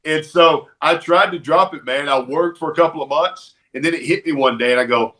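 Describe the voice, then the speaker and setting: A man from Alabama with a Southern accent, a podcast guest telling animated anecdotes in casual chat. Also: fairly high pitch, brisk, hardly any pauses. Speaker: podcast guest, former wrestler.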